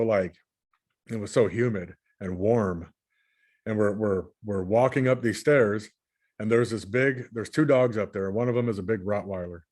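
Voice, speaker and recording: Rambling man from California, lowish voice. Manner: rambling, repeats and restarts words. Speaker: channel host recounting dreams. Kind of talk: casual spoken recounting while screen sharing.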